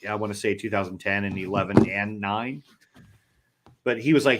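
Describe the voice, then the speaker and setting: A lower-voiced man telling war stories in loose, profane chat on a live stream. He acts out both sides of old conversations and swears freely as he goes. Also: normal speed, pauses often, very noisy. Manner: profane, animated storytelling. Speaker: podcast co-host. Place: home studio, live stream.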